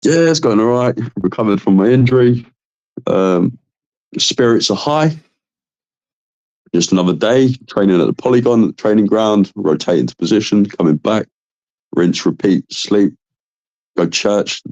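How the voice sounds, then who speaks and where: A man's voice: fairly low pitch, animated, normal speed, pauses often, darkish tone, no room sound, lo-fi sound. A man from southern England with a southern English accent, a volunteer soldier, chatting in an easygoing, upbeat way. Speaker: British volunteer soldier in Ukraine. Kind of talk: casual chat on a live stream.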